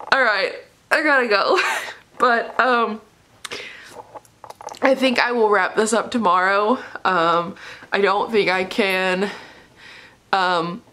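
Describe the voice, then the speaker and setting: Bright-voiced young woman gushing about books. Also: fairly high pitch. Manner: gushing, emotional, laughs often. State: tearful. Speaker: book vlogger. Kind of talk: casual vlog chat. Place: dark living room at home.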